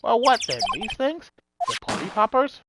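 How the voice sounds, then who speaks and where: A woman's voice: fairly high pitch, sing-song, normal speed, heavy background noise, voice pushed up. A woman voicing a cheerful, playful young woman sidekick with a bubbly, teasing way of talking, reading game dialogue. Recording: loud game music underneath. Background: loud game music.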